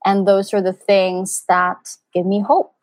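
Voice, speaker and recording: A woman, a mother, speaks as an interview guest, telling stories in an earnest, animated way with many fillers. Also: mid-range voice, a little slow, no room sound. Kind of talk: casual conversational interview.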